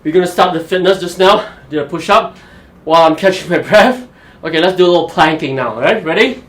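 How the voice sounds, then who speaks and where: A man's voice: fairly high pitch, fairly quick, a bit bright, roomy sound. A man hosting a live golf fitness show, talking energetically and motivating viewers through exercises. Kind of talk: live-streamed workout and golf tips.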